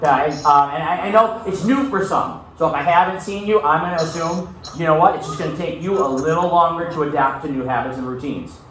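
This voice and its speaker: A man's voice: a little high, a little fast, few pauses, fairly bright tone. Echoey, distant male teacher reading aloud. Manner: casual, checks in with frequent "okay?". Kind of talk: reading aloud and class discussion. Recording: very echoey room, far from mic.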